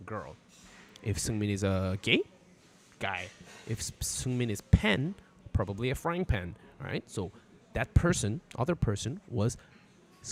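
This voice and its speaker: A man teaching a casual, irreverent language lesson on a live stream from outdoors, swearing freely as he explains. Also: medium pitch. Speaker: Korean teacher.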